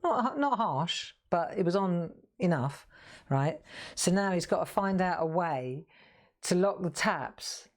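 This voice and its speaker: A woman's voice: on the low side, animated, slow. A middle-aged woman, chatting casually and laughing often while demonstrating crafts on a live stream.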